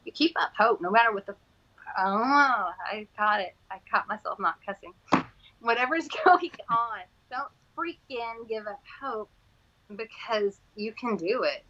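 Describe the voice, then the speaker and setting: A woman's voice: on the high side, expressive, measured pace, sharp tone, dull audio, slight background noise. A woman from Texas with a Texan accent, hosting a casual chat, rambling and laughing often. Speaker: host.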